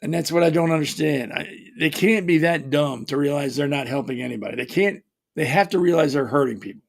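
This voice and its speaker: A man with a gravelly, slightly high voice holds forth as a podcast host. He talks bluntly and combatively, mocks the people he is criticizing, and often restarts his sentences. The delivery is an unscripted opinion monologue. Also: fairly quick. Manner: repetitive restarts, frequent "you know". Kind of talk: opinionated political commentary monologue.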